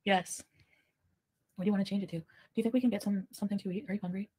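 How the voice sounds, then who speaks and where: A woman's voice: medium pitch, fairly even intonation, very fast, a little mellow, slightly rough. A woman from Ottawa chatting casually on a livestream, giggling and answering viewer comments. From Ottawa, Canada.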